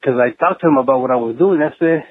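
A man's voice: mid-range voice, fast talker, a little hiss or hum. A man leaving a casual voicemail, telling a story in a laid-back, slangy way and peppering it with "eh" and "Holmes". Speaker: voicemail caller. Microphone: phone. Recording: tinny phone-line voicemail.

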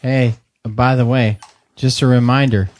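A man's voice: medium pitch, measured pace. Chatty male podcast host. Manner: relaxed, chatty, laughs often. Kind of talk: casual chat.

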